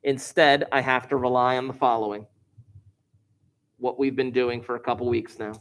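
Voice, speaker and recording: A man's voice: medium pitch, level tone, normal speed. A man teaching a math lesson to a class, explaining step by step with wry, joking asides.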